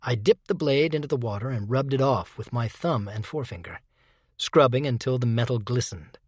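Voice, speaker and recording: A male narrator reads a first-person audiobook in a measured, even way, with a dark undertone. His voice sits at an ordinary pitch. The recording is close and dry, with no room sound. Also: no room sound.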